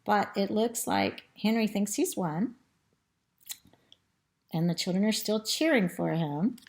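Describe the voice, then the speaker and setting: A woman with a throat tickle reading a storybook aloud to children, pausing to point at pictures and ask them questions. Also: medium pitch, expressive, a little mellow.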